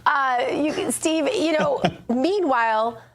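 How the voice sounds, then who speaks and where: Animated woman co-hosting a news show. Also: high-pitched, takes it slowly. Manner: animated, many fillers. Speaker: co-host. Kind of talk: opinionated morning-show talk.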